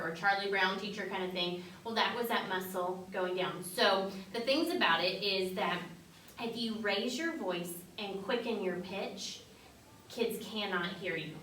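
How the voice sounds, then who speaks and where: Woman, talk show guest, quick animated explanations, bright tone, echoey room heard from a distance. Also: mid-range voice, a little hiss or hum. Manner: explanatory, animated, speaks fast. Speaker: mental health specialist guest.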